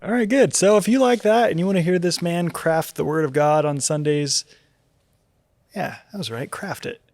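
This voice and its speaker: A man's voice: on the high side, moderate pace, darkish tone, no echo, studio quality. A man hosting a church podcast, asking questions and wrapping up in an upbeat, joking way. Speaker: podcast host. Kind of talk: podcast conversation.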